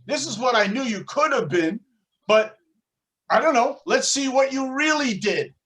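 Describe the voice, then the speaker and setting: God, an excited and kindly male deity, speaks in an unhurried, raised, eager voice, as a teacher puts him on. He questions at length and with warmth, pitched a bit higher than the storyteller's own voice. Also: heavily acted. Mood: questioning. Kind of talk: storytelling in a religious class.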